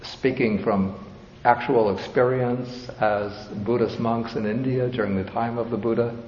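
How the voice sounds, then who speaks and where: A man giving a dharma talk as a Buddhist teacher, explaining a scripture in a slow, measured, explanatory way. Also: fairly low pitch, a little mellow. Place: large hall with audience. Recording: reverberant hall, dull sound, faint hiss.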